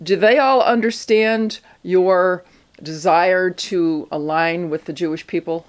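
Slow-speaking woman hosting an interview. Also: lowish voice. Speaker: interview host.

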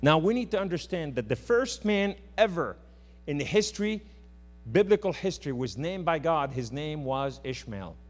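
Guy preaching in a church, gets fired up then goes quiet, long echo and some hum. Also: on the high side, very animated, moderate pace. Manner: impassioned, swings between loud and hushed. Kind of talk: sermon. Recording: hum in a reverberant hall.

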